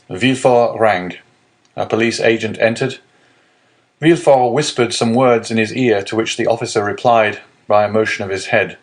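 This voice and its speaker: Guy reading an audiobook, lowish voice, steady and measured. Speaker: audiobook narrator. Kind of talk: scripted narration.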